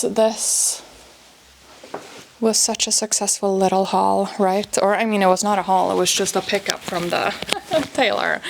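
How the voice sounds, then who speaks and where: A young woman chatting casually in a fashion vlog, gushing over clothes with lots of "like" and quick asides. She sounds a little breathless as she changes outfits, with her pitch sitting in the middle range. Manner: gushing, filler-heavy, says "like" a lot. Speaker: fashion vlogger. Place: her home wardrobe room.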